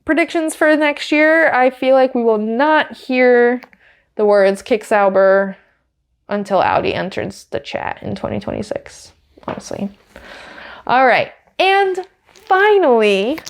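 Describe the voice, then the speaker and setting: A woman's voice: medium pitch, vocal fry. A woman hosting a podcast, giving casual, wry commentary with lots of fillers. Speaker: podcast host.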